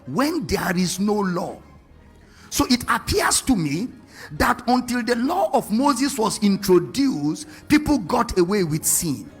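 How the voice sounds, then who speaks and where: A man's voice: high-pitched, very animated, slow, breathy edge, faint music behind. A man preaching a sermon to a congregation, firing rhetorical questions and asking them to read along.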